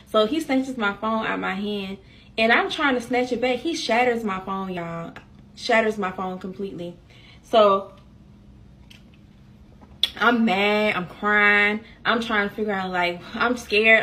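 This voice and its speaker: A woman telling a personal story in a casual chat to her viewers, talking straight to them and acting out the dialogue as she goes. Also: mid-range voice. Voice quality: animated, African American Vernacular English phrasing. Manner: chatty, addresses viewers as y'all, acts out quoted dialogue.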